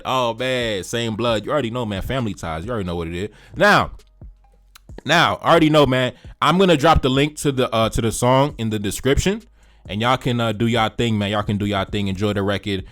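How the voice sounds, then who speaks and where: A man from Haiti, hosting a music reaction video, talking casually with lots of repeated phrases and shout-outs. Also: mid-range voice, a little fast.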